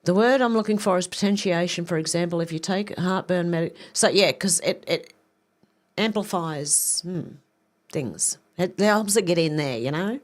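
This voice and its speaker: A woman hosting a live stream, reading viewer comments aloud and reacting with quick asides. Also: on the low side.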